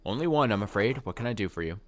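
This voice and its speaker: A man reading a busy, brisk male brewer. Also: lowish voice, lively intonation, slight background noise, close to an everyday voice. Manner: brisk, apologetic dialogue reading.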